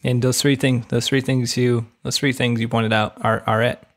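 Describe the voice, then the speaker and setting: A man co-hosting a casual book podcast, giving relaxed, brief reactions. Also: medium pitch, normal speed. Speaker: podcast co-host.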